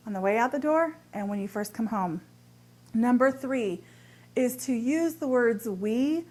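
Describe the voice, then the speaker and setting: A woman with a slightly higher voice talks straight to the viewer about relationships. She sounds upbeat and earnest, like a coach walking through numbered tips one by one. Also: a little mellow. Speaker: relationship advice host. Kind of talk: direct-to-camera advice talk.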